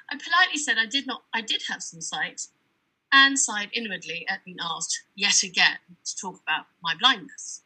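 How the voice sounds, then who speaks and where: A woman's voice: fairly high pitch, animated, moderate pace, bright, forceful tone, breathy edge, rough recording. A woman giving a chatty, digressive conference talk as an author, reading from her book between asides.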